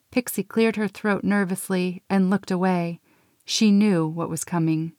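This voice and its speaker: Children's story reader, woman, unhurried and even, dry close sound. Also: on the low side, no echo. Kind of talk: reading a children's story aloud.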